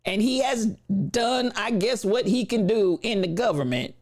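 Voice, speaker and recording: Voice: mid-range voice, lively intonation, unhurried. A host with delivering preachy, emphatic reaction commentary, often turning to the viewers directly.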